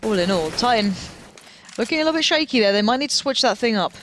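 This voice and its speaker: Male game caster, excitable play-by-play, headset, pitch climbs in action. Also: quick pace, slight background noise. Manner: pitch leaps high in big plays. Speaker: esports commentator. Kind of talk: live esports play-by-play.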